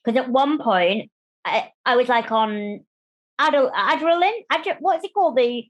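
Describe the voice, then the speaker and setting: A German woman appears as a guest on an interview show, speaking openly and energetically about her life as a disability rights campaigner. Her voice sits high and her pace is measured. She's chatty and animated, acting out the voices of people she quotes.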